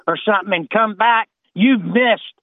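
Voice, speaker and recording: A man's voice: high voice, normal speed, no room sound. A man co-hosting a radio show, telling a funny story in casual banter and building to the punchline. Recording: phone-like, dry.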